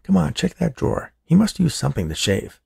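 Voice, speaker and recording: A jittery young nursing-home worker, as a man puts him on in an audiobook, pitched well above the reader's own gravelly voice. He keeps his voice low and pleading, nervous about getting caught. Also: sing-song, brisk, dry recording, clean studio sound, full character voice. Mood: reluctant. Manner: anxious, hushed pleading.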